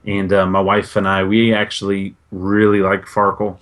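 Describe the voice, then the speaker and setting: A man's voice: deep voice, monotone, normal speed, a bit bright. A man co-hosting a gaming podcast, telling stories in an easygoing, rambling way. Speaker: podcast co-host. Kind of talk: casual chat.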